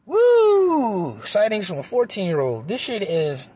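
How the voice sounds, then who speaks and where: Rambling, profane man, high voice. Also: animated, normal speed, a bit bright, slightly rough, dry recording. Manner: rambling, profane, self-mocking. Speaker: comedian. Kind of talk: casual monologue recording. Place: outdoors in a park. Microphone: phone.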